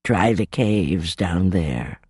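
A poor older woman , as a male storyteller puts her on, speaks slowly and kindly. The voice is husky and dry. Her words come measured, with a lilting rise and fall. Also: sits low, expressive, darkish tone, no room sound, voice pushed down, full character voice. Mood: helpful.

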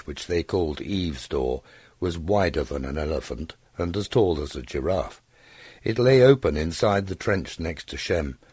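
A man narrating an audiobook story in a steady, expressive way on a close studio mic. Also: sits low, breathy edge, no room sound. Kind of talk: scripted narration.

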